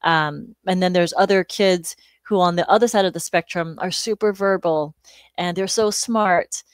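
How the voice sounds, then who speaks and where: A woman in her forties, a speech-language pathologist guest, explaining calmly and informatively. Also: fairly low pitch, normal speed, clear, resonant tone, dry recording. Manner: calm, informative, with "you know" fillers. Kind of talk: explanatory interview talk.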